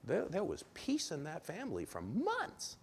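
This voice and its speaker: A man preaching a sermon in a church, telling a story with lively acted-out quotes and questions to the congregation. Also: a little high, measured pace, slight background noise. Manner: animated storyteller, acts out quoted voices, asks congregation. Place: church sanctuary.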